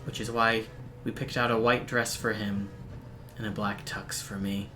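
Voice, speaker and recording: A man streaming a game, reading its visual novel text aloud in a steady, even narration broken by quick, dry asides. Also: on the low side, slight background noise. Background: faint game music.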